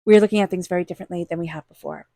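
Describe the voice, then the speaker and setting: A woman's voice: lowish voice, very fast, gravelly, warm tone, no echo, studio quality. A woman giving an intuitive tarot reading, talking straight to the listener in an earnest, encouraging way. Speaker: tarot reader.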